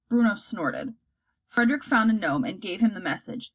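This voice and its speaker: Female storybook reader, animated and slightly husky, does the character voices herself. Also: medium pitch, normal speed, poor audio. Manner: acts out characters, lively delivery. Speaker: audiobook reader.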